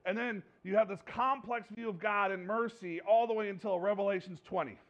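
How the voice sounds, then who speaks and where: A man preaching a conversational sermon, joking and animated, repeating phrases for emphasis. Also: high voice, brisk, lo-fi sound. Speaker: pastor.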